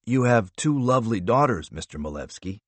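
A man voicing a cold, relentless male interrogator who asks calm, clipped questions in an audiobook. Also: on the low side, moderate pace, no room sound.

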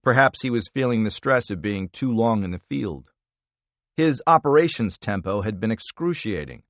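A male audiobook narrator reads a thriller in a measured, expressive way. His pitch moves a lot, giving the narration lively swings. The recording is close and dry. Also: no room sound.

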